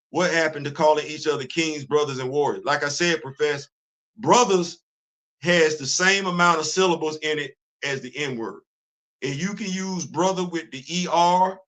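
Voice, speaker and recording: A man's voice: fairly high pitch, a bit bright. A man hosting a casual livestream, talking emphatically and repeating himself as he drives his points home. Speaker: host.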